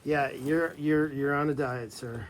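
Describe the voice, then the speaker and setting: A man's voice: on the high side, steady tone, measured pace, slight background noise. Chatty man cooing at animals, roomy echo. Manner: chatty, switches into cooing baby talk with animals. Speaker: animal sanctuary caretaker. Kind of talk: casual vlog narration.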